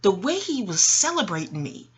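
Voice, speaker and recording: Rambling, profane woman with a husky voice. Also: mid-range voice, very animated, normal speed. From New York, Harlem. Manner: profane, digressive, laughs often. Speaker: astrologer and host. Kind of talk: rambling casual monologue.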